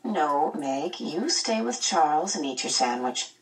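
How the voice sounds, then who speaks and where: A woman voicing a calm, brisk scientist mother who speaks lightly and reassuringly. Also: low-pitched, distant mic.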